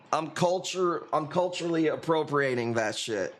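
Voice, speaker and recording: A man's voice: on the high side, animated, a little slow. Laid-back Chicago guy hosting a stream. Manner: laid-back, profane, laughing often. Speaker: livestream host selling corals. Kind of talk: casual livestream chat.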